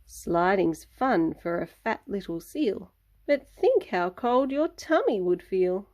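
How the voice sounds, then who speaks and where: A woman reads a children's picture book aloud at an unhurried pace. Her delivery is sing-song and gentle, and she voices the animals' sounds as she goes. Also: mid-range voice, very animated.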